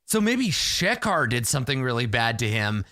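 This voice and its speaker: A man's voice: medium pitch, sing-song, normal speed, bright, forceful tone, no room sound, clean studio sound. A man playing a solo tabletop game aloud, rambling and self-amused as he narrates.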